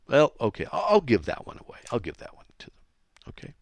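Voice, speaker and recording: A man with a mid-pitched voice teaches the Bible on the radio, reading verses aloud and then challenging listeners with sharp rhetorical questions. His pitch rises and falls in a lively way, and the sound is close and dry. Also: quick pace, gravelly, no room sound. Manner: reads scripture aloud, then asks pointed rhetorical questions. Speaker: radio host.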